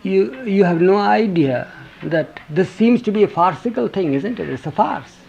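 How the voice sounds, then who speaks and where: A man's voice: high voice, lively intonation, moderate pace, vocal fry, darkish tone. A man giving an informal talk to a group, telling stories, quoting his teacher and putting questions to the listeners. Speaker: speaker recounting a spiritual teacher's words. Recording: dull lo-fi tape with faint hiss.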